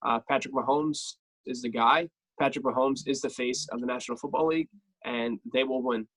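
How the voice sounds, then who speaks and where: A man co-hosts a relaxed sports podcast. He talks with eager enthusiasm, often repeating a phrase to drive a point home, with a few filler sounds along the way. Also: mid-range voice, brisk, rough recording. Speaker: podcast co-host. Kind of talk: casual sports podcast talk.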